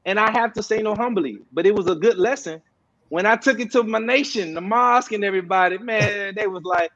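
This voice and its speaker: High-voiced man telling a story. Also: a little fast, fairly bright tone, lo-fi sound. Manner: conversational, acts out quoted voices. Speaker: guest, social media organizer. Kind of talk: animated storytelling in a panel discussion.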